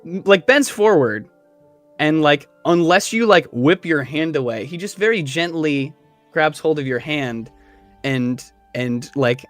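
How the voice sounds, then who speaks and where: A man running a tabletop game as game master, speaking slowly with a lively, rising and falling pitch. He talks in a halting way full of fillers. The sound is dry and close, with faint music behind him. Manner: unhurried, halting, many fillers.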